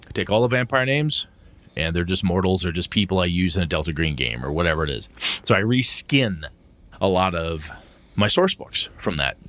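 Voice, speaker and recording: A man's voice: sits low, expressive, normal speed, fairly bright tone, no echo. A middle-aged man co-hosting a podcast in casual chat, blunt and emotional, swearing freely. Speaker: podcast co-host.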